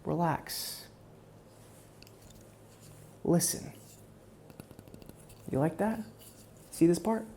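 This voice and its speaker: A man voicing a smug, menacing male hitman in a whispered role-play, taunting his captive in a soft, close voice. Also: fairly high pitch, extremely slow, long pauses, a little hiss or hum. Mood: menacing calm. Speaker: ASMR role-play performer.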